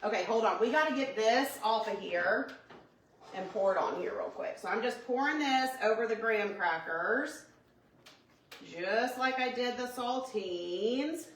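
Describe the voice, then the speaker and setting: A woman's voice: fairly high pitch, expressive, measured pace, roomy sound. A woman, chatting with viewers while baking in her home kitchen, flustered and talkative. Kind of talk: casual chatty cooking livestream.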